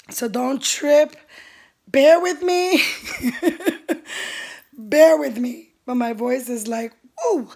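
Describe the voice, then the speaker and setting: A woman spell caster addresses her clients in a casual vlog. Her voice sits a little high and sounds worn out from long use, and she speaks slowly. She sounds weary and apologetic. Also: darkish tone. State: tired, worn-out voice.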